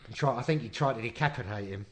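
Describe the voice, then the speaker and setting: A man's voice: mid-range voice, fast, slight background noise. A man with a rambling, mock-sincere manner, trading crude insults as a podcast co-host. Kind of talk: crude comedy banter.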